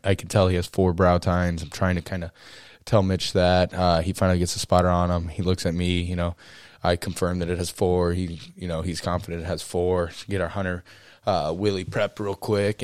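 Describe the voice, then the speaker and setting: A man's voice: low-pitched, clean tone, no echo, studio quality. A young man co-hosting a podcast, telling a long story in a rambling, casual way with lots of "you know" and "uh". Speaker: podcast co-host.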